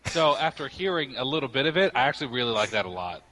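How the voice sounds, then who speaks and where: A man's voice: mid-range voice, very animated, fast, a loud crowd. A young man co-hosting a podcast, chatting casually and explaining things with plenty of hesitant fillers. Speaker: podcast co-host.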